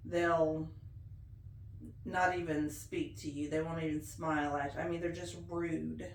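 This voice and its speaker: A woman's voice: fairly low pitch, a little hiss or hum. A woman in her forties with a blended Appalachian and Ozark accent, speaking in a homey, folksy way in an oral history interview. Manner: slow, homey and folksy with laughs. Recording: roomy echo.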